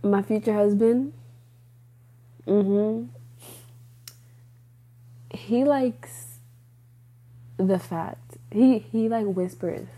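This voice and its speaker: A woman's voice: mid-range voice, extremely slow, long pauses, mellow, breathy edge. A woman hosting a podcast, talking casually about faith in a rambling way, laughing often and correcting herself. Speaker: podcast host.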